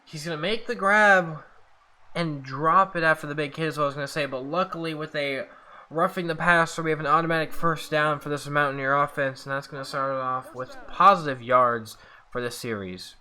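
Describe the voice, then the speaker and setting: A man's voice: on the high side, steady tone, fairly quick, pushed and bright. A man giving sportscaster-style play-by-play of a video game he is playing, often slipping into frustrated venting with sighs. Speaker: gamer doing play-by-play of his own game. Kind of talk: casual video game commentary.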